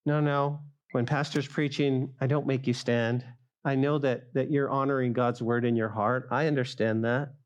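A middle-aged male pastor preaching a sermon, speaking straight to the congregation and rising loud for emphasis. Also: medium pitch, fairly even intonation, moderate pace, dull audio. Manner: acts out quoted voices of listeners.

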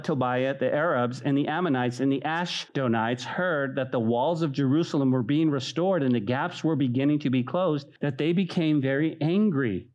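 Animated preacher man. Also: highs cut off. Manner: animated, acts out mocking voices with high pitch; conversational, addresses listeners as "guys". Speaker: pastor. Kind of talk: sermon.

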